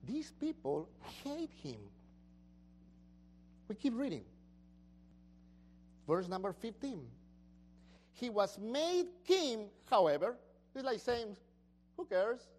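Brief: woman pastor, sermon, high lively voice, animated and questioning. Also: slow, long pauses, a little hiss or hum. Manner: animated, questions the congregation, shouts the master's praise.

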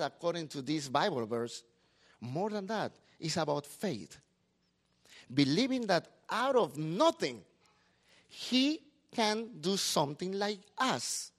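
A middle-aged man, a pastor preaching a sermon in a lively, talkative way. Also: a little high.

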